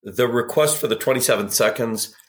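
A man's voice: medium pitch, a little fast. A man talking as a sales expert on a podcast, telling anecdotes and acting out quoted dialogue with energy. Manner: animated storyteller, acts out quotes. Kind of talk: podcast conversation.

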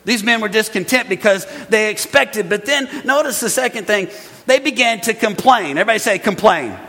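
A man preaching a sermon as pastor, animated, acting out grumbling voices for laughs. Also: high-pitched, moderate pace. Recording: long hall reverb.

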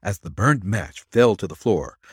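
Male podcast narrator, expressive dramatic reading, dry close mic. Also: lowish voice, unhurried, slightly rough, dry recording. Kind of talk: storytelling narration.

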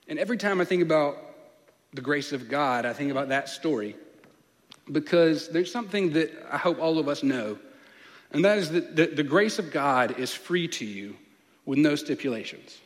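A man, preaching a sermon as a playful, animated storyteller. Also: on the high side, moderate pace. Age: late 20s. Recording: long reverb of a large hall.

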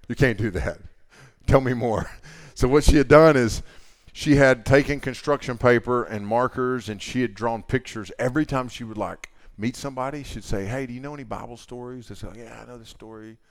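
A middle-aged man preaching at a youth camp, telling a story in an animated way, acting out the dialogue and swinging from loud to hushed. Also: mid-range voice, normal speed, no room sound. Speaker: camp speaker.

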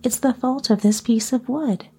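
A woman's voice: a little high, steady tone, moderate pace, mellow, faint music behind, pitched above the performer's own voice, lightly acted. A woman putting on a surly old carpenter. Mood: indignant.

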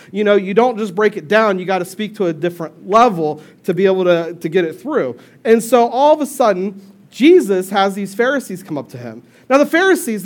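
A young male pastor preaching a casual sermon, joking and acting out quotes as he tells stories. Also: high-pitched.

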